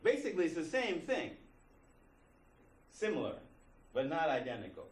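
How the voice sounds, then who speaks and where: With a voice on the high side and big swings in pitch, a male college instructor lectures at a normal speed in a conversational manner, full of rhetorical questions. The audio is a distant, roomy classroom recording.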